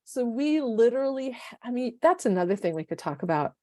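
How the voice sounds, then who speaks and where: A woman's voice: on the high side, brisk, few pauses, dry recording, studio quality. A woman in her fifties co-hosting a casual podcast, telling stories with animation and acting out the dialogue. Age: 50s. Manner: animated storyteller who acts out quoted dialogue. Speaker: podcast co-host.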